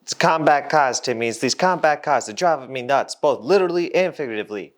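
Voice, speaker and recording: A man playing a greedy, fast-talking male factory boss who talks in old-timey 1950s slang in a comedy skit. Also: mid-range voice, lively intonation, voice pushed up, lightly acted. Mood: scheming. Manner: old-timey slang, ends lines with "you see".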